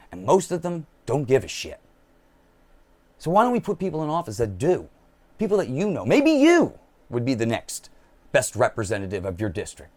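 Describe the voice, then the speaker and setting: A man rants bluntly and profanely in a monologue, mocking people by quoting them. His pitch swings widely as he talks. His voice sits a little high. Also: darkish tone. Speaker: political commentator. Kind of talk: impassioned monologue.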